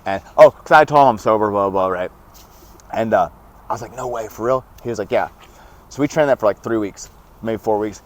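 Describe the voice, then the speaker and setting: A young man telling stories as a podcast guest, animated and laughing often, acting out what others said. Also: on the low side, fairly quick, pauses often. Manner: animated, laughs often, acts out quoted dialogue. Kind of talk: casual storytelling.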